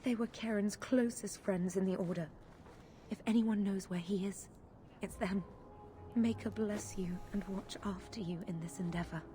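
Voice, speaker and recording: An actress as a pleading devout sister. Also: female voice, mid-range voice, fairly even intonation, moderate pace, close to an everyday voice. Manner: pleading, anxious, formal speech. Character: devout woman pleading for her missing brother.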